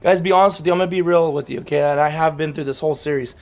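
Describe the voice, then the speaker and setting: A man's voice: a little high, fairly even intonation, racing, darkish tone, muffled recording. A man training his dog and talking plainly and straight to his viewers in a casual outdoor vlog, often repeating himself. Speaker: dog trainer, channel host.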